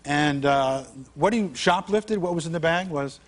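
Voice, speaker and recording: A man's voice: on the high side, a little slow. A man, a comedian guest on a late-night talk show, telling funny anecdotes in a wisecracking way, slipping into mock voices. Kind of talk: comic storytelling. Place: TV studio with live audience. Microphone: television studio mic. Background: studio audience.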